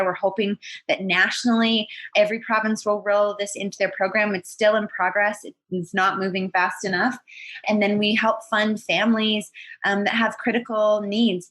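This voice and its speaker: A woman's voice: mid-range voice, fairly bright tone. A woman in her thirties, a podcast guest telling a personal story in a candid, earnest way. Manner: earnest and candid, acts out what people said.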